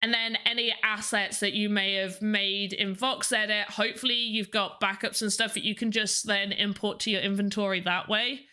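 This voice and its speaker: A woman's voice: medium pitch, steady tone, moderate pace, few pauses, bright, forceful tone, clean tone. A young woman hosting a livestream, chatting casually to her viewers with a self-mocking manner. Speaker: livestream host.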